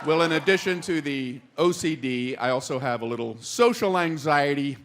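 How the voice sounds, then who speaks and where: A man stand-up comedian telling a wry, sheepish story, with awkward pauses. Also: a little high, animated, a bit bright. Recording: live comedy show with audience noise.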